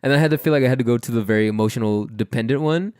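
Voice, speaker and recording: A man's voice: mid-range voice, racing, darkish tone, smooth, no room sound, clean studio sound. A young man co-hosting a casual podcast chat, rambling with lots of fillers and playful mimicry. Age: young adult. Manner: rambling, filler-heavy, mimics voices for laughs. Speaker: podcast co-host.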